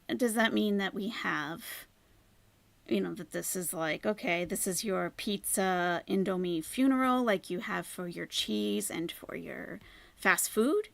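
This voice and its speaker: A woman with a gravelly, creaky voice hosts a reaction commentary, sarcastic and critical. She sometimes drops into hushed asides, and her voice sounds dry and close. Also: medium pitch, expressive, unhurried, dry recording. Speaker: commentary channel host.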